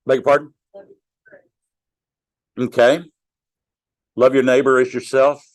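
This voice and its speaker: A middle-aged man leads a Bible study in an easygoing, unhurried way. He quizzes his class and jokes with them as he goes. His voice is close and dry. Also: mid-range voice, flat delivery, no room sound. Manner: conversational, questions the class, jokes. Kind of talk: interactive Bible study teaching.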